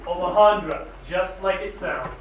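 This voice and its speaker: An actor playing a sardonic, polished worldly traveler in an old film. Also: male voice, high voice, unhurried. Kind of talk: 1940s film acting. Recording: echoey, distant, dull old film soundtrack.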